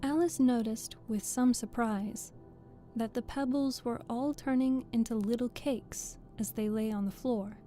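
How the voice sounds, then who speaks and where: A woman with a Southern US accent reading a storybook aloud in a gentle, unhurried way. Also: fairly high pitch, fairly even intonation, faint music behind. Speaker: audiobook reader.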